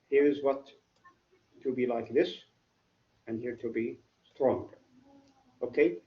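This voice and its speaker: Guy teaching class, talks real slow, keeps asking "what?", muffled lo-fi recording. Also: mid-range voice, steady tone, dark tone, roomy sound. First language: Arabic. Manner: repetitive, quizzes students with "what?". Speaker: English literature teacher. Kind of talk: classroom lecture.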